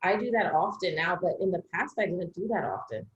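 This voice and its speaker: A woman's voice: fairly low pitch, a little fast. A woman co-hosting a podcast in casual chat, blunt and swearing freely. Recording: echoey dull-sounding room recording.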